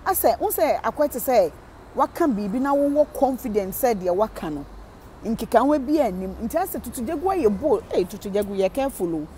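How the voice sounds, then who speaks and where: A woman with a Ghanaian accent giving casual gossip commentary, animated, switching between Twi and English and laughing often. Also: fairly high pitch, brisk, slight background noise. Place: living in Germany.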